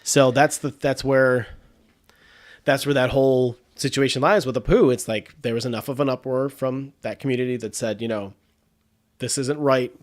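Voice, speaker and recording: A man's voice: medium pitch, steady tone, normal speed. Stuffed-up guy hosting a podcast, rambles, restarts a lot, laughs a bunch. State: congested sinuses. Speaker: podcast host. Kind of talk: casual chat.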